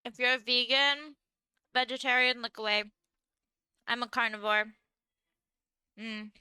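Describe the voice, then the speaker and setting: A woman's voice: a little high, fairly even intonation, measured pace, sharp tone, clean tone, no room sound. A young woman streamer chatting casually with viewers while she eats, filling her talk with "like". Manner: chatty, lots of "like", talking while eating. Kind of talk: casual livestream chat.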